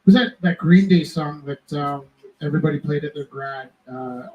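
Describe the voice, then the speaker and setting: A man hosting a live art auction, telling rambling personal stories to the audience in an animated, self-interrupting way. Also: fairly high pitch, moderate pace, lo-fi sound. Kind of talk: casual storytelling to a live audience.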